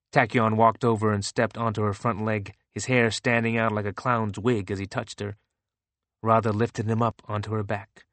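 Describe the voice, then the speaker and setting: A man narrating a novel as an audiobook in a steady, even reading. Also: lowish voice, no room sound.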